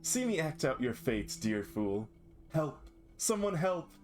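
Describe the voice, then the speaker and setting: A mocking, grandiose tragedian declaims in a high, stagey voice, as a man reads him aloud. He draws his lines out like a stage actor, and game music plays behind him. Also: very animated, slow. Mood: theatrical. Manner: declaiming, theatrical.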